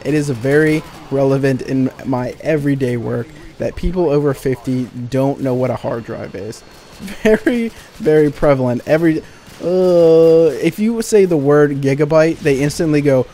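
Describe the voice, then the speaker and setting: A man's voice: on the high side, moderate pace, warm tone, a little hiss or hum. A young man telling exasperated, sarcastic, profane stories about retail customers over gameplay. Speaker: gaming channel commentator. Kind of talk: ranting storytime over gameplay.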